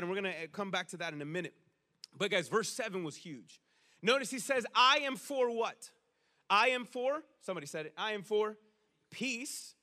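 A man preaching a sermon in a conversational, animated way, with casual slang and frequent rhetorical questions. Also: sits high. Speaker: pastor.

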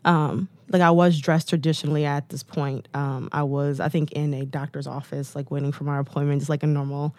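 A woman's voice: low voice, little pitch movement, fairly quick, few pauses, a little mellow, dry recording. Female guest, 30s, from the US, candid storyteller, chatty with frequent fillers, close dry mic. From United States. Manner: chatty, many "like"s and "um"s, acts out quotes.

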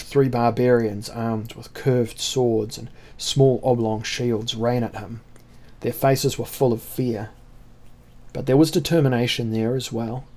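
A man narrating a fantasy battle story in a steady, dramatic reading. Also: medium pitch. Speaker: audiobook narrator.

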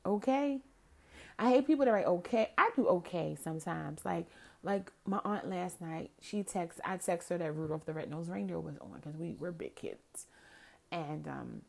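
A woman's voice: fairly low pitch, creaky. A woman in her forties, ranting sassily in a casual monologue about dating and texting, tired and crampy. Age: 40s. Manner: sassy, animated ranting. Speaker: vlogger.

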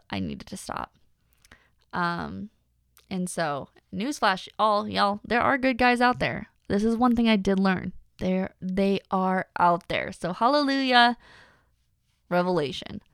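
A young woman hosting a podcast in a casual personal monologue, chatty with lots of fillers and animated faith-centered asides. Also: medium pitch, vocal fry, clean tone, no echo, clean studio sound. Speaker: podcast host.

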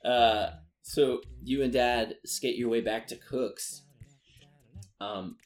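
A man narrating as game master of a tabletop game, relaxed and full of fillers and laughs. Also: medium pitch, slow.

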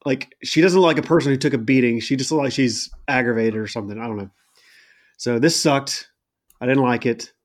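A man's voice: mid-range voice, fairly quick. A man co-hosting a podcast, recapping in a casual, rambling and exasperated way with many fillers and mocking asides. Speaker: podcast co-host. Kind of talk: casual chat recapping a wrestling show.

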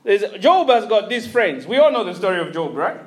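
Casting: male preacher, very high voice, sermon storytelling, chuckling. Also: fairly quick. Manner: animated storytelling with frequent chuckles and restarts.

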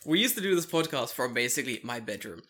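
A man's voice: medium pitch, quick pace. A man co-hosting a casual podcast from a living room, talking in a loose, swearing, mocking way. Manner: swearing, animated, mocking impressions. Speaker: podcast co-host. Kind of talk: casual chat. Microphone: studio mic on a table.

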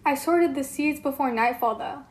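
Psyche: a woman reading a high-voiced devoted young mortal. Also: normal speed, natural voice. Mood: earnest. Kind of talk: amateur read-aloud role-play.

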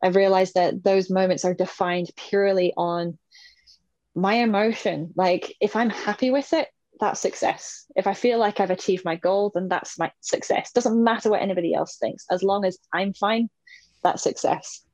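A woman's voice: mid-range voice, steady tone, moderate pace, darkish tone, no echo. A woman in her thirties, talking as an interview guest in a casual, chatty way, laughing often and playing out little voices. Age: 30s.

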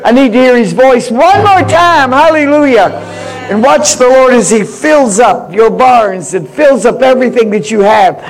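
A woman minister preaching in a prophetic style, fervent and bursting into shouted praise. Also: a little high, lively intonation, moderate pace, soft background music, poor audio. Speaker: guest minister.

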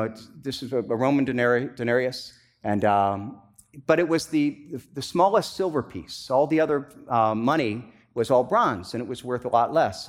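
A pastor preaches in a conversational manner, often restarting and using fillers before rising into emphatic bursts. His voice is medium in pitch.

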